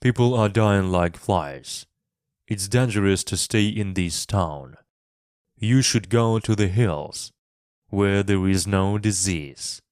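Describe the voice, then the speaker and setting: A man playing a grave young Englishman in a storybook, low and sober, unhurried and measured. The voice sits close to the mic in a dry space. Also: darkish tone, clear, resonant tone, no room sound. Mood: serious. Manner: grave and serious. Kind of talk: storybook reading with character voices.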